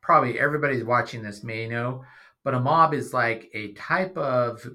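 A middle-aged man talking casually, often pausing and restarting his sentences. His tone is bright and forward, and he slips in dry, sarcastic asides. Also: mid-range voice. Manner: rambling, hesitant, dry sarcasm. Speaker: podcast guest, father. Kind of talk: casual chat.

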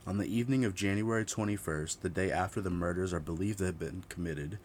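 A man's voice: deep voice, a little hiss or hum. A man narrating a true-crime story who reads steadily, corrects his own slips, and breaks into blunt, profane asides.

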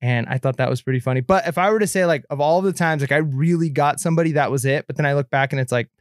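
A man's voice: a little high, rapid-fire, no echo, clean studio sound. A man in his thirties co-hosting a podcast, telling stories in a chatty way with many fillers and restarts. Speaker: podcast co-host. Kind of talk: casual podcast chat.

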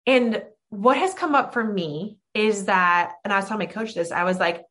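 A woman's voice: medium pitch, animated, normal speed, hardly any pauses, fairly bright tone. Bubbly gushing woman podcast host. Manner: bubbly and gushing, with many fillers and quoted asides. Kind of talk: upbeat podcast monologue.

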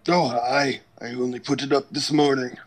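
A man's voice: mid-range voice, fairly even intonation, normal speed, lightly acted, poor audio. A man voicing an elderly male otter alchemist with a long white beard, speaking in a mild, plainspoken way during a tabletop game. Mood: courteous. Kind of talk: tabletop role-play voice.

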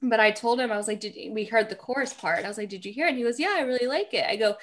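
Chatty woman telling a family story. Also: on the high side. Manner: chatty storyteller, quick asides, laughs while telling. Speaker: podcast co-host. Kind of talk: casual chat.

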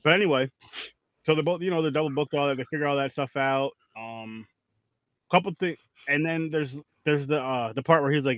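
A man's voice: a little high, fairly quick, a bit bright, no echo. Rambling, profane man in dry close-up. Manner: rambling, profane, lots of restarts and fillers. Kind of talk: casual movie recap chat.

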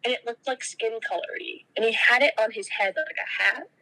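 A woman's voice: on the high side, animated, a little fast, bright, forceful tone, rough recording. A young woman guest on a podcast, telling stories in casual chat, laughing often and swearing freely.

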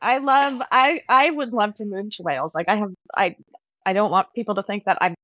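A woman's voice: medium pitch, brisk, a bit bright, no room sound, highs cut off. Woman podcast guest, eager and playful, dry close sound with no room. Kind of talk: casual podcast chat.

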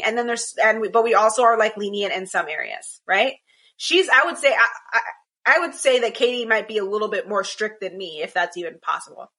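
A woman's voice: mid-range voice, brisk, bright, forceful tone. A woman co-hosting a casual chat over a call, rambling with many restarts. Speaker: podcast co-host. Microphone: video call.

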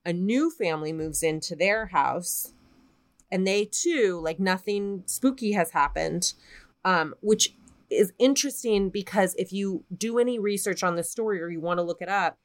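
At a moderate pace and medium pitch, a woman co-hosting a podcast tells a ghost story in a laid-back way. The retelling is animated and full of profanity.

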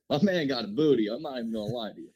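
A man's voice: mid-range voice, lively intonation, a little fast, darkish tone, slightly rough, low-quality recording. A man co-hosting a casual sports podcast, ranting and joking with his friends. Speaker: podcast co-host.

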